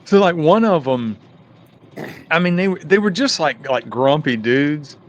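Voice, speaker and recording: A man hosting a casual podcast interview, relaxed and conversational, often murmuring agreement. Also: fairly high pitch, unhurried, muffled recording. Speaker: podcast host.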